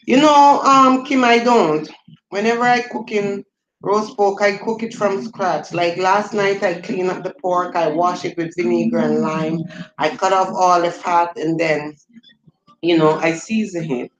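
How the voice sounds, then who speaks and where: A woman's voice: lowish voice, fairly even intonation, measured pace, echoey room, muffled recording, noisy background. Chatty Jamaican woman on a livestream. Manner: chatty, reads out and answers viewer comments. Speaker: livestream host. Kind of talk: casual livestream chat with viewers.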